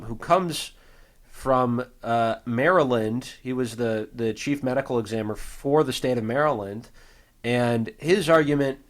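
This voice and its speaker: An American man co-hosting a podcast, talking casually and rambling with plenty of fillers and restarts. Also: medium pitch. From United States. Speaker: podcast co-host. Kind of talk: casual chat.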